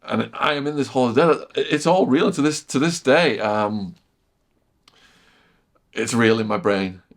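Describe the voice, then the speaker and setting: A middle-aged man telling a vivid story as a podcast guest, repeating phrases and sinking to a hushed near-whisper at tense moments. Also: medium pitch, animated, measured pace. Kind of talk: storytelling in casual chat.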